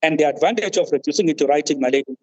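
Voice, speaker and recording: A man, counsel at a tribunal, making a formal legal argument, deferential and halting, saying "my lady" at almost every turn. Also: fairly high pitch. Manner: deferential, says "my lady" constantly, halting restarts. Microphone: video call. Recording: muffled video-call audio.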